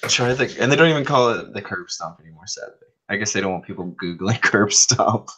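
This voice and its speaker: A man's voice: lowish voice, animated, fairly quick, a crowd in the background. A man co-hosting a podcast in loose, profane casual chat, laughing often. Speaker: podcast co-host. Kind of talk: casual chat about wrestling.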